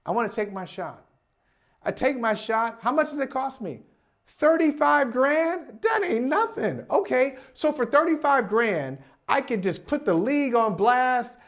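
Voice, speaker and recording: A defiant, calculating basketball coach with a notably high voice for a man , played briefly by a talk-show host. He builds his case in the first person and sounds sure of his footing. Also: expressive, unhurried, a bit bright, exaggerated voice.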